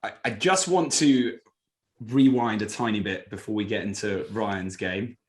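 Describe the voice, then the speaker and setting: Casting note: podcast host, slightly low voice, dry teasing, keeps the talk moving. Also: male voice, unhurried. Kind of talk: casual chat, steering topics.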